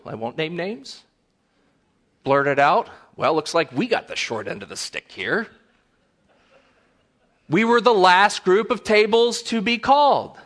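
A middle-aged man preaching a sermon as pastor, animated and conversational, acting out complaining voices in a higher pitch. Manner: animated, acts out whiny quotes in a higher voice.

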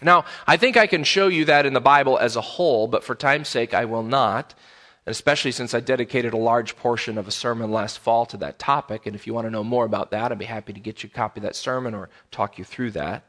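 A man's voice: medium pitch, quick pace, a bit bright. A man, a pastor, preaching a sermon in a conversational way, repeating key phrases for emphasis.

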